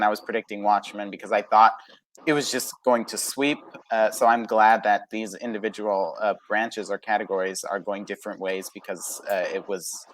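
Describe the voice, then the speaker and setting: A man hesitantly sharing awards opinions in a casual panel chat, with many ums and uhs. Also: lowish voice. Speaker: awards pundit.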